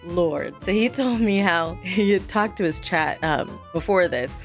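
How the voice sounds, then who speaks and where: A woman in her thirties tells a story in an animated, casual vlog style. She jumps up in pitch whenever she quotes other people. Faint music plays underneath her voice. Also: unhurried. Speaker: vlogger.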